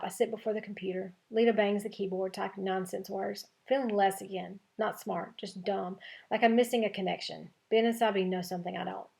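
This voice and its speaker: A woman teacher reading a chapter book aloud to her class, with clear, expressive storytelling. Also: medium pitch.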